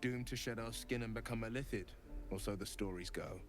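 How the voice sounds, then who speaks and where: A man playing a steady heroic monster hunter. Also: lowish voice, fairly quick, faint music behind, close to an everyday voice. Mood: grave.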